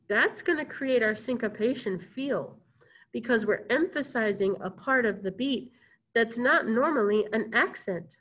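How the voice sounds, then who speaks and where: A woman music teacher leads a recorded lesson with an upbeat, chanting delivery. Her voice sits fairly high and she speaks at an unhurried, deliberate pace. She talks to her pupils as if they were there with her. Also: a bit bright, poor audio.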